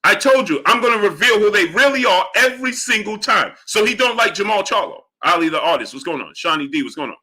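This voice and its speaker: Bright-voiced, combative boxing streamer. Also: male voice, high voice, lively intonation, fast, few pauses. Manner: argumentative, greets chatters by name. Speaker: livestream host. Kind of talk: live chat boxing talk.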